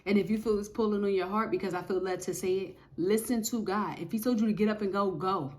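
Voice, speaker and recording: A woman giving a casual spoken testimony of faith, telling her story in an animated, emphatic way with lots of repetition. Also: medium pitch, fast talker.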